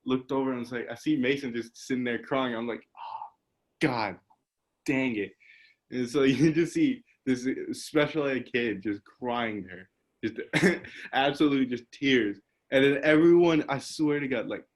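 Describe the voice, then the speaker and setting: A young man hosting a casual podcast over a video call, telling stories in a rambling way with lots of "like" and laughter. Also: medium pitch. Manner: rambling storyteller, laughs often, says "like" a lot. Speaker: podcast host. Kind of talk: casual chat.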